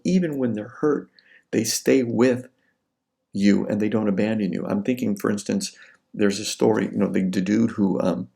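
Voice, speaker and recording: A man's voice: lowish voice, creaky, mellow. A man giving a casual classroom lecture, talking conversationally and acting out everyday scenarios. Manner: conversational, acts out scenarios in quoted voices.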